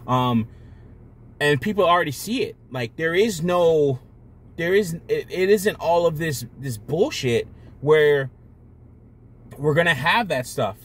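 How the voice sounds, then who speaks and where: A man's voice: fairly high pitch, lively intonation, a little slow, slightly rough. A man talking to camera in a casual, rambling monologue, blunt and full of profanity. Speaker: vlogger.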